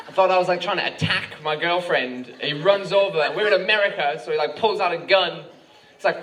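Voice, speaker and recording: High-voiced Australian man rambling on stage. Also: a little fast, sharp tone. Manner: rambling, full of "like" and "um", rising to frantic rants. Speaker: stand-up comedian. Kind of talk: stand-up comedy set. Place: comedy club stage with laughing audience. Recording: noisy live club recording from a distance.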